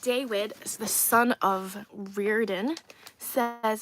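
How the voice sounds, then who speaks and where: A woman's voice: on the high side, takes it slowly, fairly bright tone, slight background noise. A young woman chatting casually on a livestream, reading viewers' comments aloud with frequent giggles. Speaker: streamer reading live chat.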